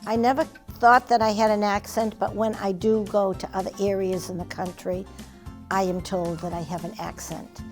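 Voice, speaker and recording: Animated woman with a Merrimack Valley accent. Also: medium pitch, moderate pace, faint music behind. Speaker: interviewee. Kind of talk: casual interview.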